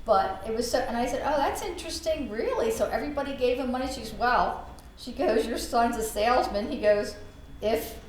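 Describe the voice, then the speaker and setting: A middle-aged woman, a podcast host and realtor, telling a story in an animated, laughing way. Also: a little high, brisk. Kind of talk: storytelling in casual chat. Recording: echoey room with faint background noise.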